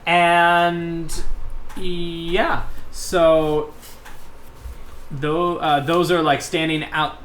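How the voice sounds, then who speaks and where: A man narrating a tabletop game as game master, halting with many fillers. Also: a little high, little pitch movement, fairly bright tone. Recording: roomy with faint noise.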